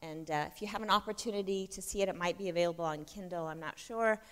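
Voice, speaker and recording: A woman's voice: lowish voice, fast talker. A woman giving a conversational church conference talk, often asking the audience questions. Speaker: conference speaker. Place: church hall. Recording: long reverb of a church hall.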